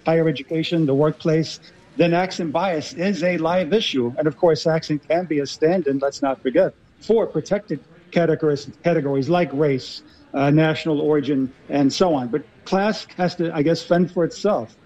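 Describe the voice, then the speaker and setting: A man's voice: a little high, normal speed, mellow, dull audio. A man with an American accent, explaining articulately as a guest in a radio discussion. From Los Angeles, US. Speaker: guest linguist.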